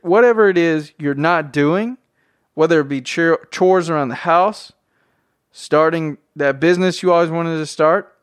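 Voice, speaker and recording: A young man from Tennessee with a Southern drawl, talking excitedly and loosely in a casual motivational vlog. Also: high voice, smooth, dry recording, studio quality. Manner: excitable, slangy, repeats himself. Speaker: vlogger.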